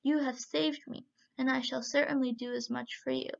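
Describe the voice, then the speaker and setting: A woman reading the lines of a gentle young man who speaks in a soothing, earnest way in a storybook tale. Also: high voice, fairly even intonation, normal speed, gravelly. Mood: kindly. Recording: muffled lo-fi recording.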